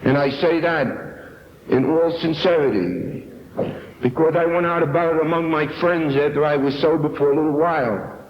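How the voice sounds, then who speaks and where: A man's voice: on the high side, moderate pace, a little hiss or hum. A man from New York giving an earnest, emphatic personal testimony at a recovery meeting. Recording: echoey, dull 1970s tape recording.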